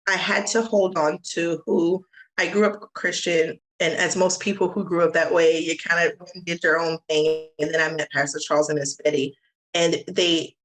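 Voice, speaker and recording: A woman's voice: on the low side, level tone, normal speed, a bit bright, low-quality recording. A woman from the USA, a podcast guest telling her own story candidly and earnestly in an interview. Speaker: guest, advocate. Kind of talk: interview recounting personal experience.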